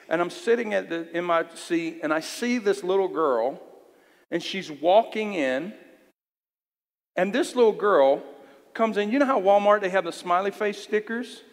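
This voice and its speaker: A man giving a sermon, telling a personal story in a candid, earnest way. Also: sits high. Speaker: youth leader preaching. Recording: long hall reverb.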